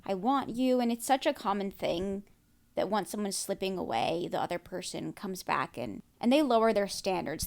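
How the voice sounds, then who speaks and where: A woman with a slightly high voice recaps a TV episode for her podcast in loose, chatty talk. She gasps and exclaims as she goes, with plenty of "like" and "um" along the way. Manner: excitable, reacts loudly with gasps and exclamations; chatty, many "like" and "um" fillers. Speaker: podcast host.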